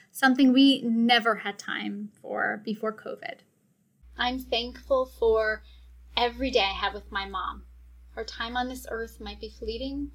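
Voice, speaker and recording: Warm-hearted woman podcast host, higher voice. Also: rough recording. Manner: heartfelt, encouraging, speaks directly to listeners. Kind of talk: solo podcast monologue.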